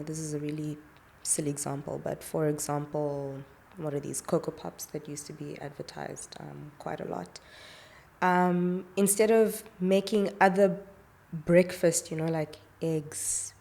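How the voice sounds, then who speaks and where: A woman speaking as a pediatrician guest in a relaxed, chatty way, with plenty of fillers. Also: deep voice, gravelly. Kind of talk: casual explanatory chat.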